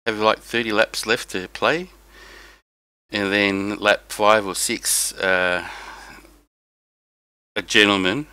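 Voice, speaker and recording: A man's voice: on the low side, steady tone, slow pace, long pauses, bright, forceful tone, smooth, dry recording, low-quality recording. A tired young man chatting casually to viewers on a live stream, rambling about his race. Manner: rambling, talks to chat viewers. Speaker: sim racing streamer.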